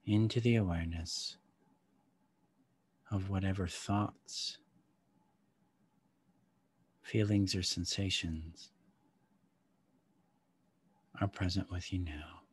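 Husky low-voiced man guiding a meditation. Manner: slow, calm, soft-spoken instructions with long pauses. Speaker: somatic practice guide. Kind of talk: guided somatic meditation.

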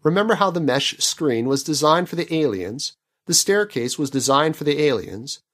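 Wry, animated male podcast host. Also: a little high, normal speed. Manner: wry, skeptical, picking apart plot logic. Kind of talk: book commentary podcast.

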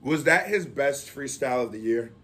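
A man hosting a casual reaction video, excitable with loud outbursts, a little out of breath. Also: mid-range voice, normal speed, slight background noise. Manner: excitable, loud outbursts and chanting between talk.

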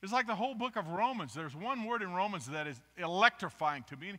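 A man with a fairly high, very bright voice preaches to a congregation, chatting with them and asking them to raise their hands. He drops to quiet asides and then rises to loud, emphatic bursts. His voice carries through the long reverb of a church hall. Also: a little fast. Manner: animated, interactive with the congregation, asks for raised hands. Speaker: guest preacher. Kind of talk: sermon. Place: church sanctuary.

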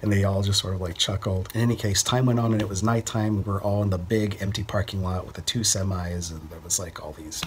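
Low-voiced man telling a late-night story. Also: fast talker, few pauses, slight background noise. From Central Texas. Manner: relaxed, rambling, with frequent fillers and sighs. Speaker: actor telling a personal story. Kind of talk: casual storytelling.

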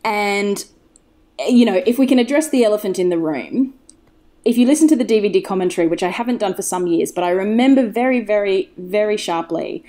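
A woman's voice: mid-range voice, warm tone. A woman talking as a podcast guest, chatty and enthusiastic, wandering off on tangents as she tells the story. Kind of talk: casual chat.

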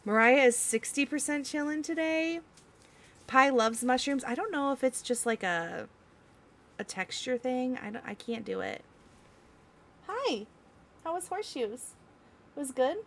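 Woman streamer, young, giggly and chatty, slightly high voice, unhurried delivery. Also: sing-song, fairly bright tone, a little hiss or hum. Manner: giggly, reads chat aloud. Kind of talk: casual chat with live chat.

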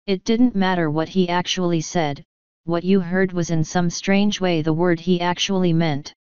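A woman reading a comic fantasy audiobook in a steady, wry storytelling manner. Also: on the low side, moderate pace, smooth, dry recording, dull audio. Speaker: audiobook reader. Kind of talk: audiobook narration.

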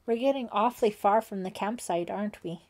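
A woman's voice: brisk, natural voice. A woman voicing a curious, anxious teenage girl who keeps pleading with questions in a storybook reading. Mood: puzzled. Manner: pleading, questioning, rising pitch.

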